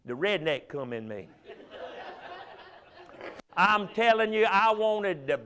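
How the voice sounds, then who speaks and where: A man preaching a fervent revival sermon, swinging from loud emphatic bursts to hushed, drawn-out pleading. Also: sits high, sing-song, some chatter behind. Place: church sanctuary.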